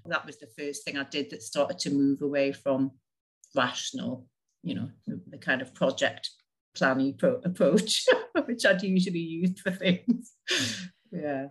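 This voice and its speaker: A woman's voice: low voice, a little slow, breathy edge. A woman telling her personal story in an interview, chatty, with frequent laughs and many fillers. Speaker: interview guest.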